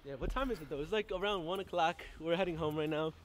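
A man's voice: on the high side, quick pace, a little hiss or hum. A young man filming a casual vlog outdoors at night, joking and laughing with a friend as he walks home. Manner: laid-back, joking, laughs often. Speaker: vlogger filming a friend's birthday. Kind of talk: casual chat. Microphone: handheld camera.

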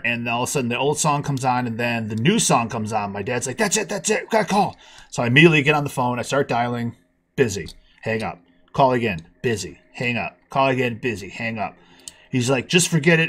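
A man telling a long personal story on a podcast call, acting out the people he quotes with big jumps in his voice. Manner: animated, acts out quotes with big pitch jumps. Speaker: podcast guest. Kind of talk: casual storytelling.

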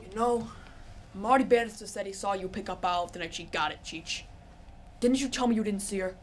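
A teenage girl in a school performance, playing a cold, quietly threatening male mob boss. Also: medium pitch, a little fast, slight background noise, lightly acted. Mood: suspicious. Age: teens.

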